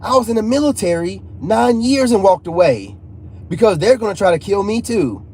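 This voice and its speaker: A man's voice: high voice, big pitch swings, moderate pace, darkish tone, breathy edge. A man telling a personal story to viewers in casual, emphatic talk full of slang and repeats. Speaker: channel host. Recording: faint background noise.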